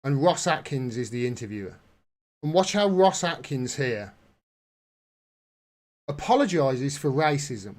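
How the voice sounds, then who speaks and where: A man's voice: medium pitch, lively intonation, a little slow, pauses often. A man giving casual political commentary on a vlog in an indignant, sarcastic way. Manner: indignant, sarcastic, rising to outbursts. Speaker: commentary vlogger.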